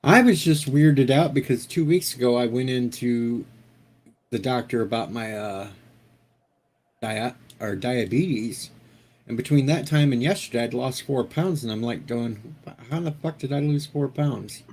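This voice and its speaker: A man's voice: mid-range voice, a little slow, a little mellow. A man in casual chat, blunt and joking.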